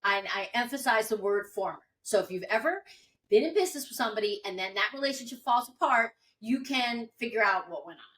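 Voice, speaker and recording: A woman's voice: a little high, animated, a little fast, a bit bright, distant mic, low-quality recording. A woman co-hosting a podcast in casual chat, explaining at length with frequent fillers. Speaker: podcast co-host.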